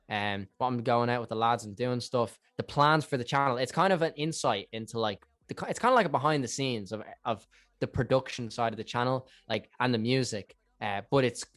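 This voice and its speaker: A man's voice: medium pitch, no echo. A young man in his twenties with an Irish accent, a podcast guest telling rambling stories and acting out what people said. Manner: animated, rambling, acts out quotes. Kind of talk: casual storytelling chat.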